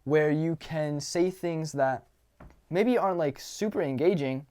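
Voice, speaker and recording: A young man talking casually as a dating coach, animated and swearing, acting out lines from his own conversations. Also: fairly high pitch, measured pace. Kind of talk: casual advice monologue.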